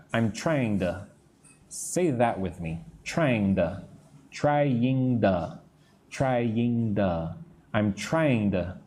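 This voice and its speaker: A man teaching English on a live stream, modelling phrases slowly and greeting viewers between sentences. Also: on the low side, mellow. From United States. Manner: slow, deliberate modelling of phrases, chatting with viewers.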